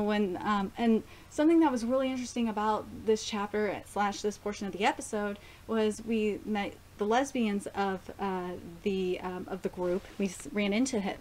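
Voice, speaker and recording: A young woman casually reviewing an anime episode, gushing and excitable, swearing now and then. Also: mid-range voice, normal speed, a little hiss or hum.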